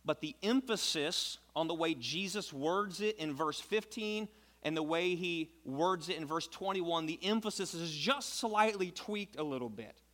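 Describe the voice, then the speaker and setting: A man preaching a sermon, moving between quiet explanation and loud, emphatic passages. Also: measured pace. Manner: swings from soft low explaining to loud high emphatic preaching. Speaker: pastor.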